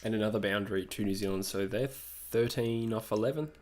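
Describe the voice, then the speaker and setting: A man's voice: fairly low pitch, brisk, a little mellow. A young Australian man hosting a live stream, chatting casually and answering his viewers' messages.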